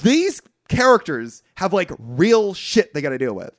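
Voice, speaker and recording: Lively, rambling male podcast host. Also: high voice, unhurried, dry recording, studio quality. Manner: animated, rambling, full of fillers and restarts. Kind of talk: casual movie-recap chat.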